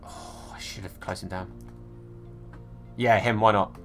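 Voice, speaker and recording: A young man streaming a football game live, shouting at the match and chatting casually with his viewers. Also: lowish voice, steady tone, extremely slow, faint music behind. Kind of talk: live gameplay commentary.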